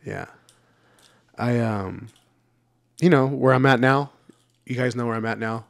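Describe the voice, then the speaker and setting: A man's voice: mid-range voice, unhurried, vocal fry, no echo, clean studio sound. A man in his thirties talking candidly on a podcast, laid-back, with lots of fillers and the odd curse word. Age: 30s. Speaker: podcast regular. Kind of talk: casual podcast chat.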